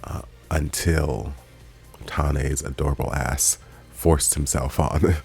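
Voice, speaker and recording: A man's voice: rumbling low, fairly even intonation, slow pace, vocal fry, a little mellow, faint music behind. A man hosting a reaction video, recapping an episode in casual, chatty commentary with playful quoted asides.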